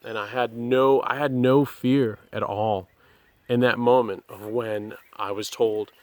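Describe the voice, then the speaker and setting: A man sharing a personal testimony, speaking earnestly and haltingly with many pauses and restarts. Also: medium pitch, steady tone, a little mellow, dry recording.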